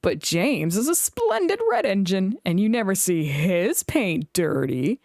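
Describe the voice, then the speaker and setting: A woman's voice: medium pitch, sing-song, unhurried, gravelly, a little mellow, no room sound, clean studio sound. A woman voicing a small, cheeky male tram engine who teases with an innocent air. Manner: innocent, sweetly teasing.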